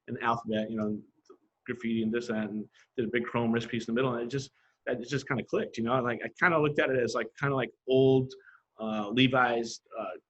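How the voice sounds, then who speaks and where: A man who works as a graffiti artist tells stories casually and with animation at a medium pitch, playing out other people's lines when he quotes them. The audio is dull.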